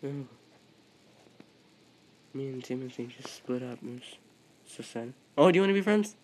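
Guy at a middle pitch, excitable gameplay commentary, yelps and mutters at other players, faint hiss behind. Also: measured pace. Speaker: gaming video creator.

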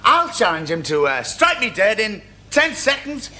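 An actor playing a cheeky, mocking young son-in-law with a Liverpool accent, teasing and provoking in a sitcom. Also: male voice, high voice, sing-song, moderate pace, sharp tone, heavily acted. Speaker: sitcom character.

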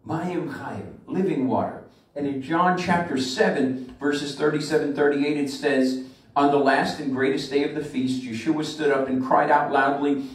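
A man, a rabbi, delivering a sermon with emphatic preaching that slows and swells on scripture, recorded in a synagogue sanctuary. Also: fairly high pitch, steady tone. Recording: echoey room from far off the mic.

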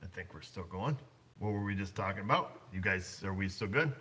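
A man's voice: low-pitched, lively intonation, fairly quick, pushed and bright. A blunt man running a repair shop, chatting casually on a livestream and rambling with lots of fillers. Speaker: auto shop owner.

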